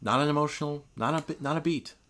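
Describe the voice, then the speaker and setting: A man's voice: on the high side, fast talker, fairly bright tone. A man co-hosting a casual podcast, eagerly explaining war-film history and details. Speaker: podcast co-host.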